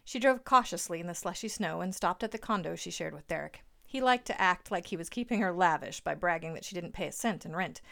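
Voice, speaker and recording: Female narrator, lower voice, dry and wry storytelling. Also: lively intonation, fairly quick, vocal fry, hardly any pauses, sharp tone.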